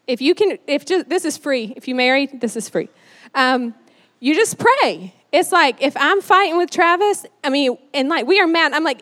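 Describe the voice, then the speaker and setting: A woman giving a conversational sermon, chatty and animated with lots of fillers. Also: sits high, moderate pace. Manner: chatty and animated, many "like"s and "you know"s. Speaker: church speaker. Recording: long hall reverb.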